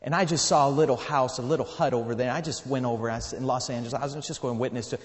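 A man's voice: mid-range voice, steady tone, very fast. Earnest male preacher in a reverberant hall. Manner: earnest, repeats words while telling the story. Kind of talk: sermon storytelling.

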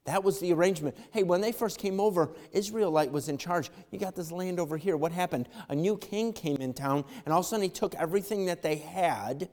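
A man preaching a fervent sermon as pastor, swinging from loud calls to quiet asides, in a church. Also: high voice, a little fast, few pauses, long reverb tail.

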